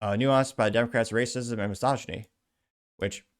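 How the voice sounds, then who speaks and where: A man's voice: medium pitch, fairly even intonation, normal speed, clear, resonant tone. A man hosting a political commentary show, giving his opinions and reading viewer comments aloud with sarcastic asides. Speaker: host.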